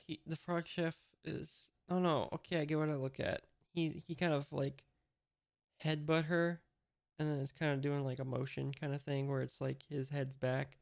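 A man's voice: on the high side, gravelly, dry recording, studio quality. A man casually reading a comic aloud, hesitantly describing each panel as he figures it out. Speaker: host reading a manga aloud. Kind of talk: casual read-along commentary.

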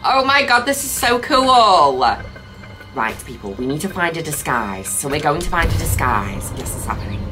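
A woman commentating her own gameplay in a campy, exclamatory way, jumping from squeals of excitement to low muttered asides. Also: normal speed, loud music behind the voice. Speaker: gaming video host. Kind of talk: let's-play commentary.

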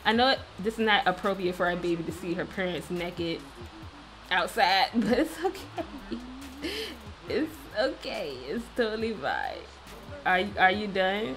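A woman's voice: medium pitch, animated, measured pace, fairly bright tone, soft background music. A woman hosting a casual let's-play, chatting playfully and talking to the characters on screen. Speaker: gaming video host.

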